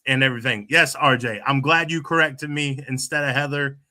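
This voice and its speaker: A man's voice: mid-range voice, fairly even intonation, brisk, sharp tone. A middle-aged man, hosting a casual podcast chat and rambling with many restarts and fillers. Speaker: podcast host.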